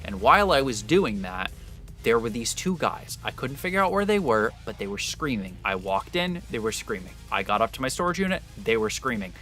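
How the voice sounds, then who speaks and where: A young adult man streaming live, telling a rambling story to his chat with animated, loose energy and casual swearing. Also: medium pitch, brisk, faint music behind.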